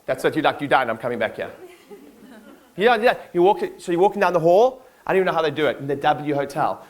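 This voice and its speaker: Energetic man giving a casual keynote. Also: on the high side, quick pace. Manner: energetic, casual, lots of fillers and audience call-and-response. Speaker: business owner giving a keynote to staff. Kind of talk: motivational keynote talk. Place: conference hall with an audience.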